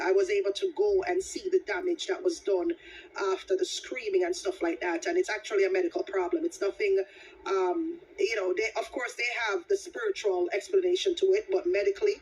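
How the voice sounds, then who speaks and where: A woman hosting a casual livestream chat, telling her story with lively, dramatic exclamations. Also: mid-range voice, fairly quick, slightly rough. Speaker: livestream host. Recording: distant mic with background noise.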